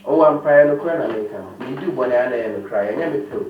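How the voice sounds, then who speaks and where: A man's voice: medium pitch, animated. Stammering man, distant and roomy. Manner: stammering, halting. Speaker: comedy skit actor. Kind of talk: comedy skit acting. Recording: roomy, distant, dull, faint background noise.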